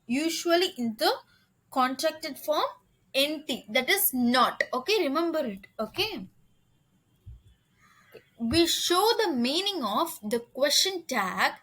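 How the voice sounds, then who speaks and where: A woman teacher with an Indian English accent, explaining a grammar lesson slowly and checking with "okay" as she goes. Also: high voice, a bit bright, rough recording. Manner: repeats "okay" often, slow deliberate explanations.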